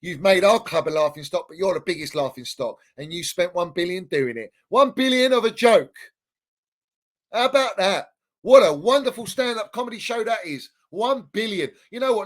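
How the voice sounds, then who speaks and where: A man hosting a fan channel livestream, ranting heatedly in slang and repeating himself. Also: on the high side. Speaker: football fan channel host.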